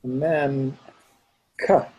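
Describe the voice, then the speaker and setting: A man's voice: medium pitch, steady tone, extremely slow, darkish tone, husky, poor audio. A man teaching a student one-on-one, patiently explaining and demonstrating sounds aloud. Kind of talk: one-on-one pronunciation lesson.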